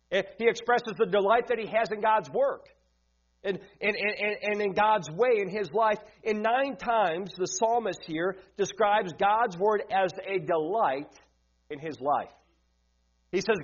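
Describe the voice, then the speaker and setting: A young man preaching an evening sermon, earnest and repetitive, with stumbling restarts. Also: dull audio. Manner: earnest, repeats words, drops low and soft in prayer.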